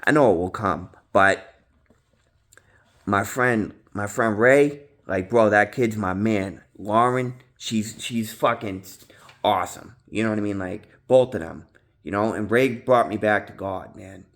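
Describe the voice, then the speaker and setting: A man talking casually to his viewers about recovery, rambling with slang, swearing and many fillers, jumping loud and high when he acts out his own past yelling. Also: a little slow. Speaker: vlogger in recovery. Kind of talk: casual monologue to camera.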